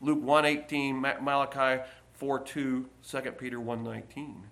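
A man preaching a sermon from the pulpit in a church, emphatic, with loud stressed phrases and quiet asides. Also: medium pitch, little pitch movement, normal speed. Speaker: pastor.

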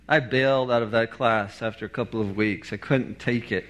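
A man's voice: medium pitch, lively intonation, slow, long pauses, fairly bright tone. A middle-aged man preaching a sermon, telling a story with humor and laughing at his own jokes.

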